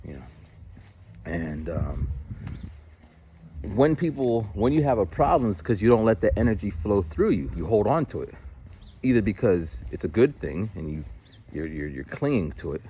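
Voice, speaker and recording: Animated low-voiced man rambling casually. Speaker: vlogger. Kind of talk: casual walk-and-talk monologue. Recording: walking outdoors with faint street noise.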